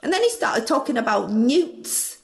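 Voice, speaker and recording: A woman's voice: fairly high pitch, sing-song, normal speed, creaky, a little hiss or hum. A woman with a Northern English accent playing a brash, chirpy parody of a female politician, telling a cheeky, self-mocking story in a comedy sketch.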